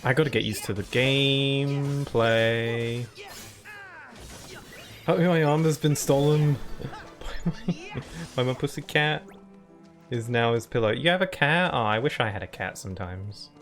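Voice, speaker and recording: A man's voice: mid-range voice, expressive, normal speed. A man giving rambling, chatty live-stream commentary while he plays, often laughing at himself. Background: faint game music.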